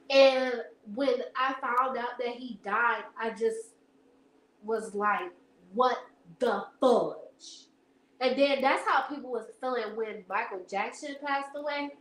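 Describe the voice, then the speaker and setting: A woman's voice: on the high side, a bit bright, slight background noise. A young woman, chatting casually to viewers in a rambling, laughing storytelling way. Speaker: live stream host. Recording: echoey room.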